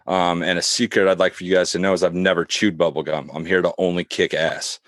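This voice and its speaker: A man's voice: deep voice, little pitch movement, a little fast, fairly bright tone, no echo, clean studio sound. A man playing a brash, boastful male football coach with a put-on Southern drawl. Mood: cocky. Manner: cocky, swaggering. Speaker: podcast co-host.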